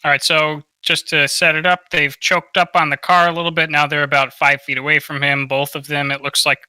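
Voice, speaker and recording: Male podcast co-host, bright tense tone, blunt opinions, dry mic. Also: on the high side, little pitch movement, brisk, clean tone, no room sound, low-quality recording. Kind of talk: casual commentary over video clips.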